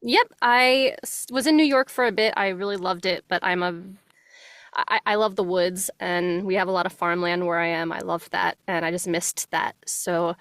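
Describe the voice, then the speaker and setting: A young voice actress with a faint New Jersey accent, talking in a relaxed, friendly way as an interview guest and laughing easily. She records in a small closet studio at home on a good microphone, and the sound is very dry and close. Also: fairly low pitch, moderate pace, no room sound. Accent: subtle New Jersey. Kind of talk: casual interview chat.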